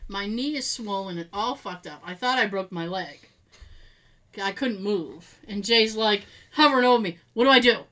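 A woman co-hosting a podcast in casual chat, telling stories in an animated way, swearing freely and laughing often. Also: mid-range voice, normal speed. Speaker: podcast co-host.

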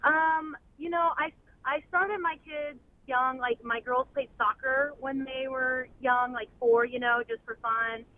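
A woman's voice: high-pitched, steady tone, measured pace. Hesitant mother calling in by phone. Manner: rambling, hesitant, many fillers. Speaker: caller, mother. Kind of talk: phone-in conversation. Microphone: telephone. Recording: phone line with faint noise.

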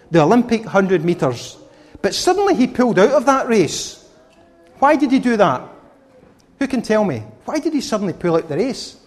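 A man preaching a children's sermon who asks the children questions and coaxes answers from them. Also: high-pitched. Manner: animated, questioning the children directly. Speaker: preacher giving a children's talk.

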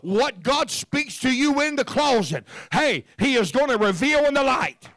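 A man's voice: extremely high pitch, lively intonation, unhurried, fairly bright tone, dry recording, clean studio sound. A man preaching a Pentecostal sermon, fervent and emphatic, repeating his phrases.

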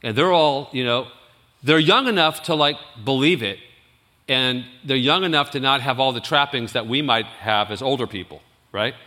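A man who is a youth pastor, telling a story in a sermon, animated and rambling, with restarts and laughs. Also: mid-range voice, normal speed, long reverb tail.

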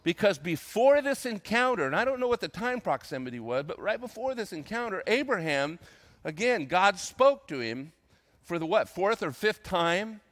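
Older male pastor, lively preaching voice. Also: sits high. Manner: reads scripture slowly, then comments conversationally with dramatized quotes. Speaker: retired senior pastor. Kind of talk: sermon.

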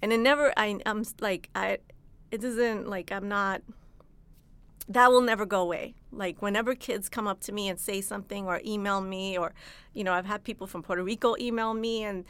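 A middle-aged woman author talking about her novel and reading from it in a plain, unhurried way. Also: mid-range voice, fairly even intonation, a bit bright, smooth, dry recording.

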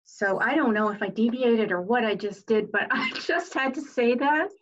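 A woman guest giving an earnest, inspirational talk, often pausing with fillers and restarting her sentences. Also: on the high side, a bit bright. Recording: dull lo-fi sound.

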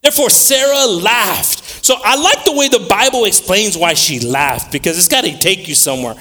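A man preaching a sermon, swinging between loud scripture reading and quiet, repetitive asides. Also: sits high, animated, fairly quick. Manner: repeats words while searching for them.

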